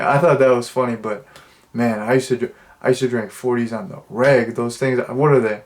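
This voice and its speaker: A young man talks through a film review in a loose, easygoing way, circling back on his sentences and padding them with fillers. His voice sits at an ordinary middle pitch, and he sounds relaxed and unhurried from a dim room indoors. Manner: rambling and laid-back, with many "like" fillers and restarts. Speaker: movie reviewer. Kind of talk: casual spoken film review. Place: dimly lit room indoors.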